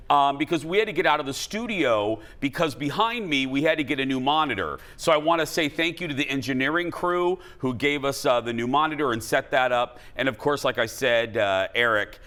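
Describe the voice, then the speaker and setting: A man's voice: medium pitch, moderate pace, sharp tone. A man hosting a talk show in a studio, chatty and joking, rambling with fillers. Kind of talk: casual studio chat. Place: TV studio with audience.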